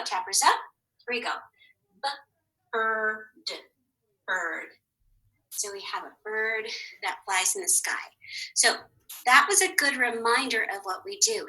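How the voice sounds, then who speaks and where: A woman teaching a phonics lesson to young children, patient and encouraging, sounding out words slowly. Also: fairly high pitch, pushed and bright, low-quality recording.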